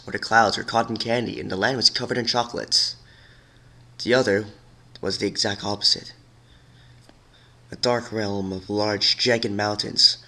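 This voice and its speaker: A man reading a storybook aloud as a hobby narrator, expressive and slowing down low for the eerie passages. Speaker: hobby dramatic reader.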